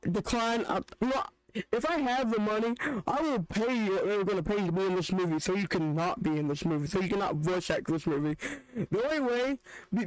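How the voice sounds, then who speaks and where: A man's voice: high-pitched, no room sound, poor audio. A young man hosting a reaction video, joking and ranting in casual, rambling commentary. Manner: joking, rants with restarts.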